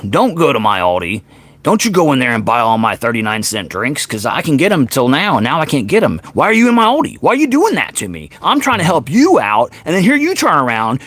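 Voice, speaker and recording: A man's voice: fairly bright tone, slightly rough, no room sound, heavily acted. A man putting on a cranky old man's whiny rant. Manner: whiny high-pitched complaining.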